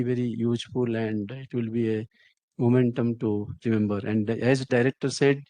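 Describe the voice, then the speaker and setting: An older man with an Indian English accent giving a halting, emotional speech at a ceremony. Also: medium pitch, warm tone, no room sound. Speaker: senior professor giving a speech.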